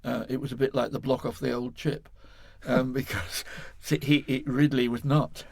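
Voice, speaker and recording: An older Englishman recounting an old story to an interviewer, wandering and correcting himself as he goes. His voice is gravelly and slightly husky. The sound is close and dry. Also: mid-range voice, flat delivery, moderate pace, a little mellow, no echo. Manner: rambling, self-correcting, chuckling storyteller. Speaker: guest.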